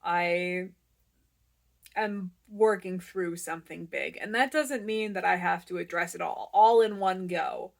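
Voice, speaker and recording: A young woman talking candidly to her camera at home in a personal vlog, emotional and halting, at times tearful and out of breath. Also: on the low side, steady tone, gravelly. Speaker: vlogger. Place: home, kitchen and living room.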